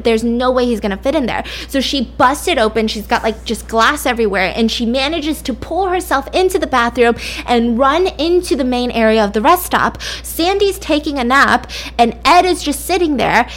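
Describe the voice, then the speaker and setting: A woman casually telling a made-up thriller story, animated and chatty, full of "like"s. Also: on the high side. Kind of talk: casual spoken fiction storytelling.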